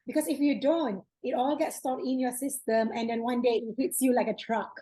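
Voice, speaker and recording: A woman hosting a podcast interview, gently affirming and encouraging her guest. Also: fairly high pitch, steady tone, normal speed, breathy edge, low-quality recording. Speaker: podcast host. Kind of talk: conversational interview.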